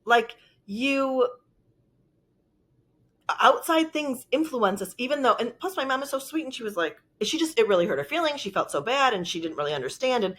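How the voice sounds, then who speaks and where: A woman's voice: on the high side, animated, normal speed, fairly bright tone. A woman vlogger telling a personal story in a rambling, emotional way with lots of filler words. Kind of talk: casual storytelling.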